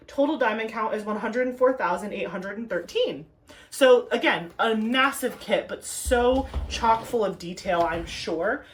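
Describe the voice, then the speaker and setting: A woman hosting a casual craft unboxing at home, chatty and enthusiastic as she gushes over the details. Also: on the high side. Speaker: craft video host.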